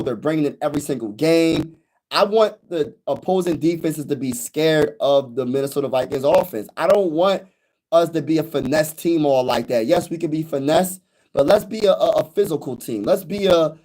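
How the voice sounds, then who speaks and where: A man chats excitedly on a fan livestream, his voice sitting a little high for a man. He repeats his points and calls out to viewers as y'all and bro. The phone he streams from has no mic plugged in, and the audio crackles on his louder notes. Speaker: sports livestream host. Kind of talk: casual fan livestream chat. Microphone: phone with no external mic.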